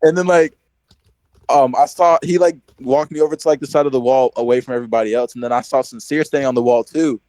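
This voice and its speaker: A man's voice: medium pitch, quick pace, dry recording, low-quality recording. A young man on a podcast telling a childhood story in casual chat, full of filler words and acted-out quotes. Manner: animated storyteller, heavy "like" filler, acts out quotes. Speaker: podcast co-host.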